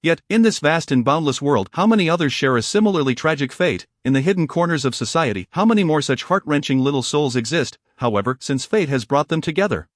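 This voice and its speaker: A man narrating a story in a measured, even reading voice. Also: a little high, no echo, studio quality.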